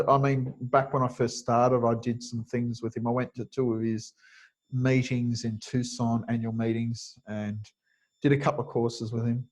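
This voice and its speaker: A man's voice: medium pitch, a little mellow, poor audio. A man teaching a webinar lecture over a video call, explaining step by step and thinking aloud with frequent fillers. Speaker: kinesiology teacher.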